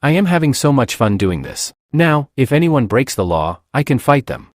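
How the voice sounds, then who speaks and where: A man's voice: mid-range voice, very animated, moderate pace, no echo, studio quality, close to an everyday voice. A man voicing a brash young female demi-human guard who is eager for a fight. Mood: fierce.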